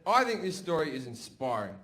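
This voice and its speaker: A man's voice: fairly high pitch, very animated, fairly quick, fairly bright tone. A man doing brash, profane stand-up storytelling on stage. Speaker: stand-up comedian. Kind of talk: stand-up comedy. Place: comedy stage before a laughing audience.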